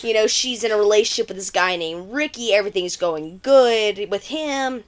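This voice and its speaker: A podcast co-host casually recaps a film's plot, chatting away with plenty of filler words. Her voice is medium-pitched and her pace moderate.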